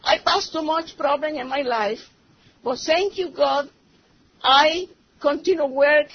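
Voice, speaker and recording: A woman's voice: sits high, a little slow. A middle-aged woman, a native Spanish speaker with a Spanish accent, giving a church testimony in broken English and slipping into Spanish as she tells her story. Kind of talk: personal testimony. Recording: slightly muffled recording with faint noise.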